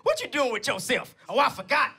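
A man voicing a brash, fiercely loyal middle-aged aunt who trash-talks loudly. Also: extremely high pitch, huge pitch swings, brisk, vocal fry, breathy edge, pitched above the performer's own voice, heavily acted. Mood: brash defiant. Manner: loud, boastful, trash-talking.

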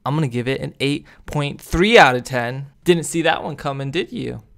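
A man's voice: medium pitch, normal speed, creaky, fairly bright tone. A young man giving casual, goofy commentary while rating game outfits, rambling and laughing often. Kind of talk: casual commentary over gameplay. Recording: faint background music.

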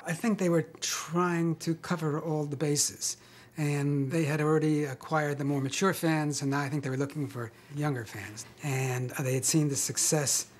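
An older man being interviewed about his acting career, telling wry, self-mocking stories with pauses and chuckles. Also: a little high, slight background noise. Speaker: interviewee, actor. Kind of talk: relaxed interview storytelling.

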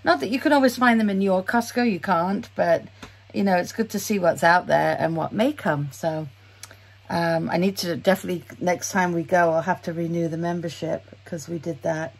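Chatty British woman with a gravelly voice. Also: lowish voice, moderate pace. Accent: British English. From Britain. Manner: chatty and rambling, often laughing at herself. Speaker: vlogger. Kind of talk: casual day-in-the-life vlog. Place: at home.

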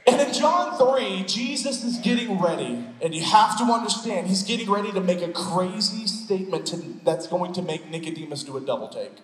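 A male pastor preaching a sermon, telling stories with an animated, playful manner and quick asides. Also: high voice. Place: church sanctuary. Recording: echoey church hall.

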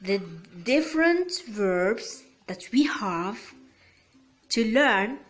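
Woman teacher, native Arabic speaker, very slow careful delivery, light music underneath. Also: fairly high pitch, expressive, fairly bright tone. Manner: slow, patient, asks "okay?" often, spells words. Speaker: English teacher. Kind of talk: beginner language lesson.

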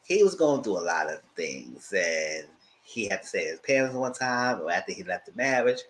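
Guy doing a chatty tv recap, pitch jumps all over, squeaky voices when he quotes folks. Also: moderate pace, slight background noise, poor audio. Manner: animated storytelling, acting out quotes in a squealing high voice; loud laughs and shouted asides. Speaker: TV show reviewer. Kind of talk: casual recap commentary.

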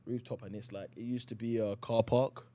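A man's voice: medium pitch, fairly even intonation, normal speed, dark tone. A man with a South London accent, a guest chatting casually in a radio interview and rambling with lots of "you know". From England. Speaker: actor guest.

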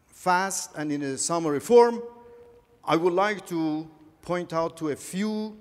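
A man giving a conference talk, halting and earnest, often repeating words as he goes. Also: fairly high pitch. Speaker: conference speaker. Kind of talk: lecture on religious history. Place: large conference hall. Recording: echoey conference hall.

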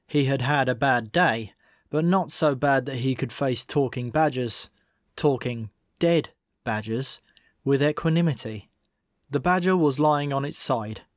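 A man's voice: medium pitch, no echo. Man narrating a comic novel, dry sound. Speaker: audiobook reader. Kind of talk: scripted narration.

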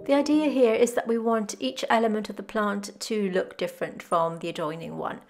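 Woman painting teacher, gentle and unhurried, slight vocal fry, soft music underneath. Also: medium pitch, steady tone. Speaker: botanical art teacher. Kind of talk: calm step-by-step painting tutorial. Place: home studio with glass roof.

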